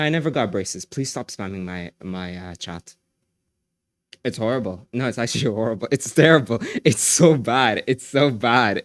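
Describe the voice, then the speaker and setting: A male livestreamer chats loosely with his viewers in an excitable, rambling way, looping the same phrases over and over. His voice sits at an ordinary middle pitch. The sound is dry and close, with no room echo. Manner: excitable, repeats phrases, laughs often. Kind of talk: casual chat with viewers.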